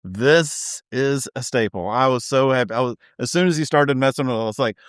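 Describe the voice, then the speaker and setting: A man's voice: mid-range voice, a little fast, clean tone, dry recording. A man co-hosting a casual recap chat, easygoing, steering the rundown with dry jokes. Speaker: podcast co-host.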